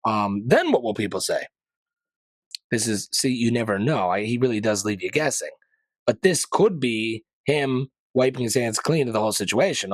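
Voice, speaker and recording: A male podcast host with a mid-range, lively voice talks at a normal speed, with no echo in the recording. He chats loosely through current events, rambling into opinionated asides and dropping casual slang and mild profanity.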